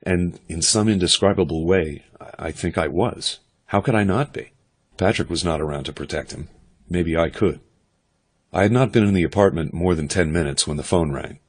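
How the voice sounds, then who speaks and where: A man doing steady, measured first-person audiobook narration. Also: sits low, breathy edge.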